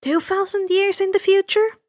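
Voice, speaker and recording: A woman voicing an excitable young female demigod in a fan fiction reading, eager and full of questions. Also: very high-pitched, moderate pace, no room sound, clean studio sound, voice pushed up. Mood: excited.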